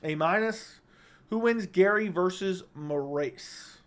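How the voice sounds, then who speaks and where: A high-voiced man hosts a casual livestream, reading viewer comments into a studio microphone. He's blunt and opinionated, handing down quick verdicts.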